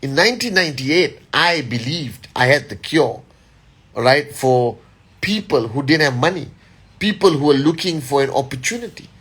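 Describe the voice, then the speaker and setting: A man's voice: fairly high pitch, expressive, moderate pace, fairly bright tone, husky. A middle-aged man giving a motivational live address as a company leader, emphatic and rallying, often checking in with "all right?".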